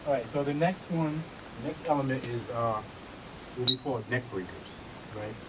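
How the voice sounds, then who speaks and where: Heavy background noise and music surround this man as he teaches a vogue dance class in a studio. He speaks at a moderate pace in a mid-range voice, casual and a little breathless, checking on students as he shows each move.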